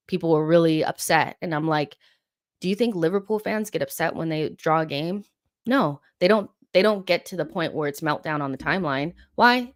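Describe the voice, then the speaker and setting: A woman's voice: low voice, no echo, studio quality. A young woman hosting a live fan question-and-answer stream, chatting casually and opinionatedly with lots of "like"s and fillers. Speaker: host of a live fan Q&A show.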